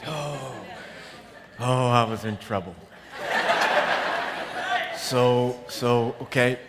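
A man preaching and telling a comic story about his marriage, animated and shouting his punchlines, acting out both sides of the conversation. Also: medium pitch, extremely slow, crowd noise. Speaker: pastor. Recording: large hall reverb with clear ambient noise.

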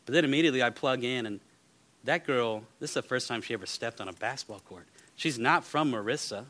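A man preaching a sermon, firing rhetorical questions and moving between loud and hushed delivery. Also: mid-range voice, a little fast. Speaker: pastor.

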